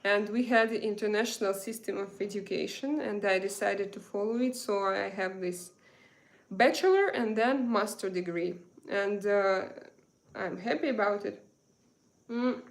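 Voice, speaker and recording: A woman from Russia with a Russian accent, hosting a casual live chat, slow and hesitant with many fillers. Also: mid-range voice. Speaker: live stream host. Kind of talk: casual live chat reading viewer comments.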